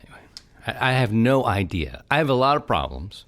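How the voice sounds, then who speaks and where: A man's voice: mid-range voice, big pitch swings, a little fast, a bit bright. A man with a Baltimore accent hosting a podcast in casual, rambling solo talk, joking and drifting off topic. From Baltimore, Maryland. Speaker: podcast host.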